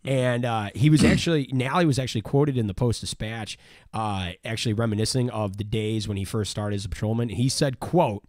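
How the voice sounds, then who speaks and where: A man's voice: on the low side, fairly quick, darkish tone, no room sound, clean studio sound. A man hosting a podcast, telling a local history story in a rambling way full of fillers and restarts. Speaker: podcast host. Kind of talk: casual history chat.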